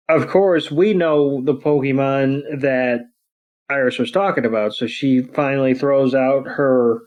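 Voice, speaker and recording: A man's voice: medium pitch, darkish tone. A man co-hosting a podcast, recapping a cartoon episode in casual chat, rambling with many fillers and acting out the characters' lines. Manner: rambling, many ums and you-knows, acts out quotes. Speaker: podcast co-host.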